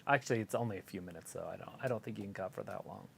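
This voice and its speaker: A woman co-hosting a casual live stream, chiming in with quick, opinionated asides and stumbling restarts. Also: extremely low pitch, gravelly, slight background noise. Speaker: co-host.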